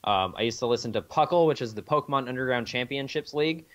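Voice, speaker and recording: A man's voice: mid-range voice, quick pace, dull audio. A man co-hosting a podcast in casual, profane chat with lots of fillers. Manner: loose and profane, many fillers. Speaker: podcast co-host.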